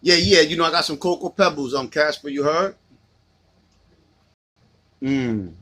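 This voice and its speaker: A man vlogging a cereal mukbang, chatting in playful slang and dropping into low seductive asides to his bowl. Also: measured pace, a bit bright. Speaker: vlogger eating cereal on camera. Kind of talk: casual mukbang vlog.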